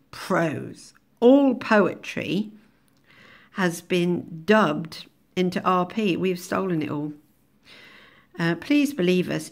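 A woman's voice: lowish voice, vocal fry, exaggerated voice. Snooty clipped schoolmaster, assured and scornful , read by a woman teacher. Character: posh, clipped, condescending male teacher.

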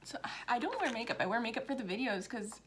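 A woman's voice: on the high side, lively intonation, fast, a bit bright, slight background noise. A woman in her thirties hosting a casual cross stitch vlog from home, rambling and self-deprecating with lots of chatty asides. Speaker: cross stitch video host. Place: home office.

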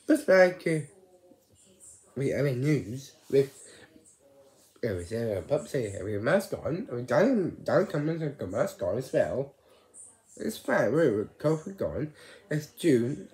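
Male vlogger, unhurried and meandering, voice rises and falls a lot, casual chat. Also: on the high side, sing-song, dark tone, reverberant. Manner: rambling, halting, repeats words.

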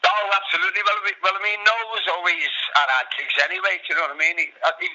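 A middle-aged Liverpool man telling stories at a fast clip, swearing freely and doubling back on his words. His voice sits a little high and sounds very bright and sharp. The audio is slightly dull and lo-fi. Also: animated. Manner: swearing, rambling anecdotes with restarts and laughs. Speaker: guest musician. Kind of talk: casual interview chat.

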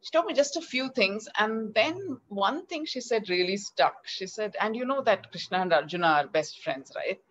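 A middle-aged woman with an Indian English accent tells a story in an interview and acts out each line of quoted dialogue. Her pitch sits in the middle for a woman. The video-call audio is slightly dull and lo-fi. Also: expressive, normal speed, few pauses, fairly bright tone, a little hiss or hum. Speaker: children's author.

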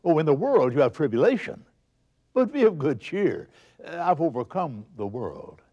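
A male preacher delivering a televised sermon, his fairly high voice rising and falling in wide, lively swoops. He speaks with emphatic conviction and reads scripture aloud. The sound is slightly dull and lo-fi. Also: normal speed.

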